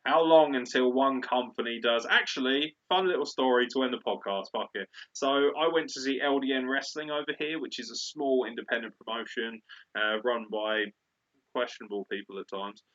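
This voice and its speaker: A man's voice: medium pitch, normal speed, fairly bright tone. A man co-hosting a podcast in casual, rambling chat, swearing freely and laughing a lot. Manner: profane, laughs often, rambling. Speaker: podcast co-host. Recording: lo-fi dull audio.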